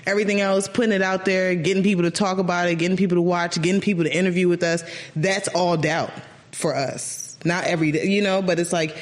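A man co-hosting a podcast in casual chat, animated, his voice jumping up when he quotes people. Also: quick pace. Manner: animated, jumps high when quoting others. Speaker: podcast co-host.

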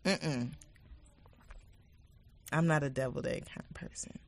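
A woman's voice: rumbling low, measured pace, creaky, dry recording. A woman co-hosting a podcast, talking in a playful, slangy, chatty way. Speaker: podcast co-host. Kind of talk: casual chat.

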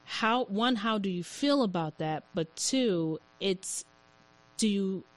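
A woman hosting a casual conversation, speaking haltingly and agreeing often. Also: medium pitch, expressive, dry recording, rough recording. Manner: halting, agreeable, many short backchannels.

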